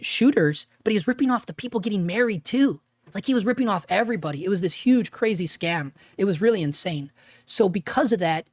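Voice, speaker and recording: A man hosting a casual livestream, rambling with restarts and dropping "man" and "dude", his voice gravelly after an illness. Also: high voice, no room sound, clean studio sound. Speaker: livestream host and freelance videographer.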